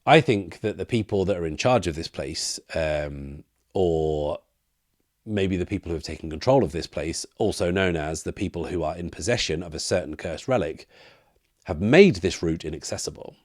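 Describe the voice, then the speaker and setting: A man's voice: low voice, animated, moderate pace, darkish tone, no room sound, studio quality. A man narrating a solo tabletop role-playing game, thinking aloud with fillers and restarts.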